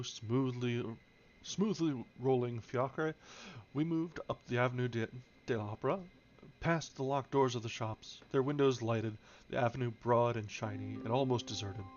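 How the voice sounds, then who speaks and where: Man reading a novel aloud, lo-fi. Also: mid-range voice. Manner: stumbles and corrects himself on foreign names. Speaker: audiobook reader. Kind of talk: novel read aloud on a livestream. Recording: dull lo-fi with faint music.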